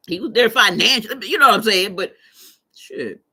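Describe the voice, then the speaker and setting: Her voice is a little high and fairly quick as she runs a relaxed live stream, spinning lively stories full of laughter and responding to her chat.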